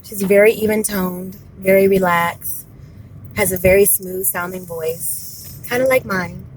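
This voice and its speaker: A woman in her thirties telling a personal story to camera, candid and expressive, repeating words for emphasis. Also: medium pitch, measured pace, slight background noise, rough recording. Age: 30s. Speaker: vlogger.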